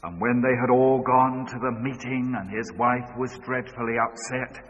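A man preaching a sermon, moving between loud urgent calls and hushed storytelling. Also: medium pitch, steady tone, moderate pace. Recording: dull sound with long hall reverb.

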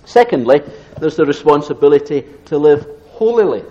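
A man preaching an expository sermon, reading scripture aloud and slowing down to stress key phrases. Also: on the high side, sing-song, warm tone, highs cut off. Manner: reads scripture aloud in raised tone.

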